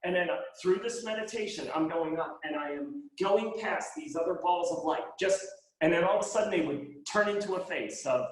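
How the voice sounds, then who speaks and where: A man's voice: fairly high pitch, vocal fry. A man telling a personal story in a conversation, earnest and emphatic, repeating phrases for stress. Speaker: guest speaker. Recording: roomy echo.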